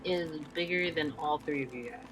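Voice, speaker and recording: A woman's voice: low voice, moderate pace, a bit bright, soft background music. A woman chatting casually while playing a video game with friends, with playful, exasperated complaints. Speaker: game player. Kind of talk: casual gaming chat.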